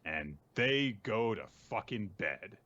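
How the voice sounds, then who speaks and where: A man hosting a casual podcast, recapping comics with a relaxed, chatty manner, lots of fillers and laughs. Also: fairly low pitch, slow, dull audio. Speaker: podcast host. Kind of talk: casual chat recapping manga.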